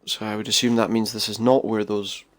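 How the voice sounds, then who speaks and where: A man's voice: on the low side, level tone, fairly quick. A man casually commenting on a role-playing game he is playing, chatty and thinking aloud as he goes. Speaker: gaming streamer. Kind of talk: casual let's-play commentary.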